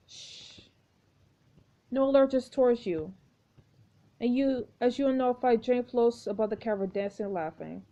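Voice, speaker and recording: A woman reading a story game aloud with expressive commentary, exclaiming at each turn. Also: a little high, measured pace, pauses often. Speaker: gameplay narrator. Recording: dull lo-fi recording.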